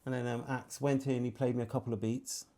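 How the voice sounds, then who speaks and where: A man's voice: medium pitch, quick pace. A middle-aged man from Birmingham speaks in an easygoing interview voice with a Birmingham accent. He tells his stories with life, slipping into other people's voices and humming bits of melody as he goes. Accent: Birmingham English. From England. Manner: animated storyteller, acts out dialogue and sings snippets. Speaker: interview guest, singer. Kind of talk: casual storytelling interview.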